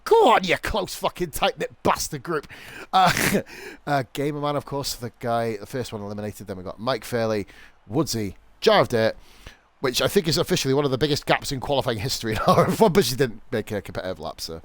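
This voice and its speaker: A man's voice: mid-range voice, animated, a little fast, a bit bright, no room sound. A young adult man from the UK, commentating a sim racing league on a live stream in a sweary, rambling, jokey way.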